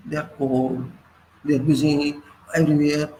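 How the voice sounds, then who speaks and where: Man in his sixties, Indian English accent, fiery political monologue, rhetorical questions, fairly high voice, faint background hiss. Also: normal speed, darkish tone, rough recording. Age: 60s. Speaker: political commentator.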